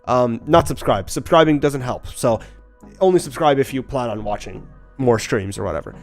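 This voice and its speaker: A man chatting quickly and casually on a live stream, joking about himself while greeting viewers. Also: medium pitch, faint music behind. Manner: fast-talking, chatty, self-deprecating. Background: faint background beats.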